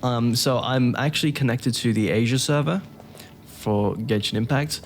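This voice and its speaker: A man's voice: medium pitch, moderate pace, a little hiss or hum. A man giving casual commentary on his own gameplay, thinking aloud and chuckling to himself. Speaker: gaming YouTuber.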